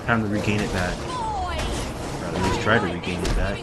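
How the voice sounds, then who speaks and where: A man giving casual let's-play commentary, rambling and talking straight to his viewers, often breaking into excited exclamations. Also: deep voice, unhurried, pauses often, over music. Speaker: gameplay commentator.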